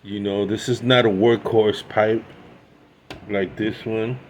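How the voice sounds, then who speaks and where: A man's voice: fairly low pitch, level tone, takes it slowly, noisy background. A man in his sixties chatting casually as he shows off his pipes, rambling with many asides and restarts. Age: 60s. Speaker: pipe collector showing his pipes. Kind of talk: casual show-and-tell chat.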